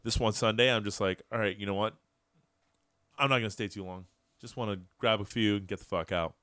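Low-voiced profane podcast host. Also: male voice, a little fast, dry recording, studio quality. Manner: profane, animated storyteller. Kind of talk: casual storytelling chat.

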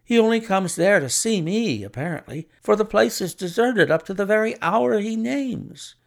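A man voicing an eager, cheerful young male clerk who tells his story in an animated way. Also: high voice, moderate pace, vocal fry, voice pushed up.

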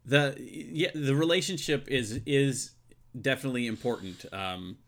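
A man in casual podcast chat, working slowly toward a question about waiting tables. He hesitates often and restarts his sentences, and his voice sits at a middling pitch. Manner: hesitant, many ums and restarts. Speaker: podcast co-host, former server.

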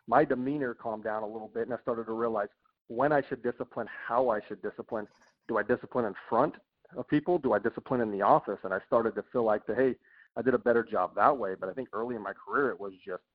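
A college baseball coach talks fast and earnestly, leaning on fillers as he answers. His voice comes through a thin, phone-like line. He is a man with a medium-pitched voice. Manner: quick, earnest, many fillers. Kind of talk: casual podcast interview. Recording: tinny phone-line audio.

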